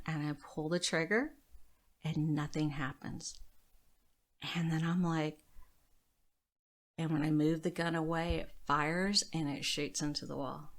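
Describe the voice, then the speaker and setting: A middle-aged woman with a low voice and a gravelly, fry-laden texture speaks as a podcast guest. She tells her story candidly, often sinking into a soft near whisper.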